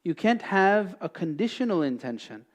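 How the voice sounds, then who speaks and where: Teaching a class at a mosque, this Islamic teacher speaks in a high, sing-song voice at a moderate pace. His lecture style is explanatory, working through every point by asking a question and supplying the answer.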